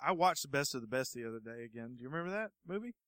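Bright-voiced joking man. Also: medium pitch, animated, racing, no room sound, studio quality. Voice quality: joking, profane. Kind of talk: casual comedy banter.

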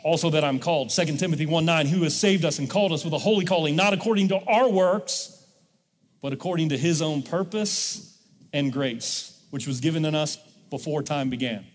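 A man's voice: a little high, brisk, big-room sound. A male pastor preaching a sermon in a church, leading the congregation in call-and-response. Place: church sanctuary.

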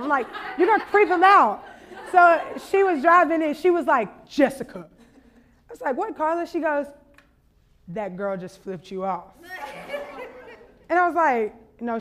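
Brief: young woman, high voice, storytelling preacher, animated and laughing. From Louisiana. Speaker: conference speaker. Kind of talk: storytelling sermon.

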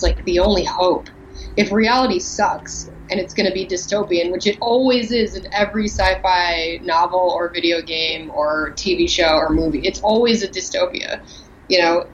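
A woman guest in casual chat, talking in an animated, talkative way over an internet call. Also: on the low side, moderate pace, a little hiss or hum. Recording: muffled lo-fi call line.

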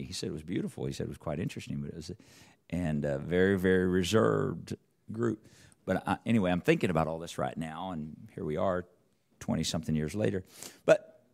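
A middle-aged man preaching a sermon, telling a personal story with rambling restarts and rising intensity. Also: vocal fry. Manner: rambling, restarts, rises in pitch and volume as the story builds.

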